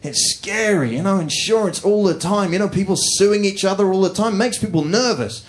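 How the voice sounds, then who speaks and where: A man's voice: high voice, moderate pace. A man with a posh English accent doing a stand-up routine on a club stage, with a sarcastic, mock-indignant, ranting manner. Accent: posh southern English. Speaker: stand-up comedian. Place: comedy club stage before a laughing audience. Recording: live club recording with audience laughter.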